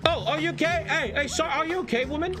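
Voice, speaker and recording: A young man streaming a life-simulation game and giving loud, crude commentary to his chat, swinging from shouts to low mumbled asides. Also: fast talker. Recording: game music underneath.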